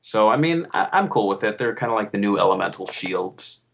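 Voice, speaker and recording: Gravelly low-voiced man chatting casually. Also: brisk. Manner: relaxed, rambling with fillers. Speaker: podcast co-host. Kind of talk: casual chat.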